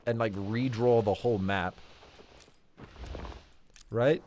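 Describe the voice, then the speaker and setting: A man hosting a relaxed game livestream in casual commentary, upbeat and chuckling often. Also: medium pitch, moderate pace, long pauses, noisy background. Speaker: livestream host.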